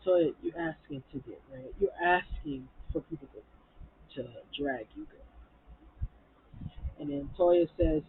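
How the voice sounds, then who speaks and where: A woman's voice: sits low, unhurried, pauses often, slightly rough. A woman reviewing a reality TV episode in a blunt, profane, heated way, acting out quotes from the show. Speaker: reality TV recap vlogger. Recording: tinny phone-like audio.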